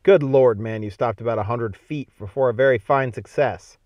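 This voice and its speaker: A man's voice: mid-range voice, normal speed, no echo, dull audio, close to an everyday voice. A man reading aloud as an angry, sarcastic Union general scolding an officer. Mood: scornful.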